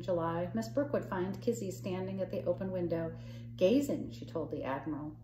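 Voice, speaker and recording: A woman storyteller reading a children's novel aloud in a calm, measured way. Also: lowish voice, background noise. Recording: echoey room.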